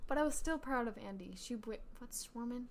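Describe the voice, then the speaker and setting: A woman's voice: a little high, a little fast. A woman co-hosting a casual podcast, reading a story aloud while laughing and reacting with mock outrage. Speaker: podcast co-host.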